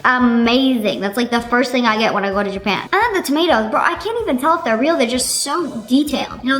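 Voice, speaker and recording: A young woman talks her way through a casual reaction video, chatty and animated, with plenty of slang. Her voice sits high and sounds bright and a little sharp. The room gives it a noticeable echo. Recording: echoey room with faint music.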